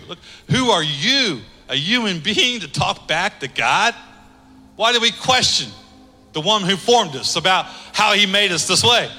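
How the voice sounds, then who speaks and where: High bright-voiced male pastor preaching. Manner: emphatic preaching that swings between loud and hushed. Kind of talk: sermon. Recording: long reverb of a large hall.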